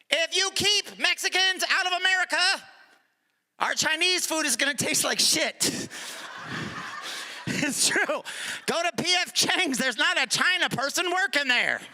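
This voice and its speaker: A middle-aged male stand-up comedian performing a live set, sarcastic, sometimes dropping to a low mutter for asides. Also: pushed and bright. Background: audience laughter.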